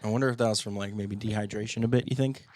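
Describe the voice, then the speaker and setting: A man's voice: lowish voice, steady tone, very fast, darkish tone, no echo, studio quality. A man co-hosting a band podcast in casual chat, rambling and laughing often, with a cough drop in his mouth. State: sucking cough drops. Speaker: podcast co-host, band guitarist.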